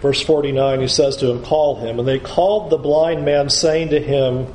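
A man's voice: mid-range voice, moderate pace, a little mellow, roomy sound, slight background noise, rough recording. A male pastor preaching a sermon with emphasis, urging listeners to picture the scene.

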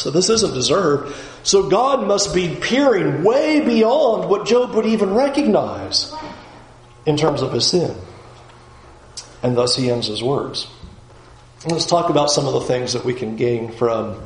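Earnest, high-voiced male Bible teacher. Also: echoey room, low-quality recording. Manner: earnest and conversational.

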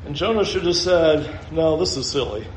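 High-pitched guy preaching a sermon, slow and chatty, church echo. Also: animated, slight background noise. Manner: conversational, chuckles while making points. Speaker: pastor.

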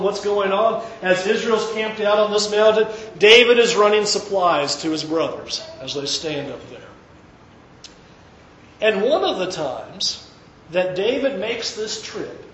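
A man preaching, retelling a story with lively, acted-out dialogue. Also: extremely high pitch, reverberant, lo-fi sound. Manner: animated retelling, acting out quoted characters. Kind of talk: sermon storytelling.

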